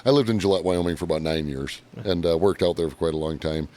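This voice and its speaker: A man's voice: deep voice, quick pace. A man from Michigan with a Michigan accent, co-hosting a casual podcast chat and telling rambling stories full of tangents. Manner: animated storyteller, jumps between tangents. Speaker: podcast co-host. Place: small home studio.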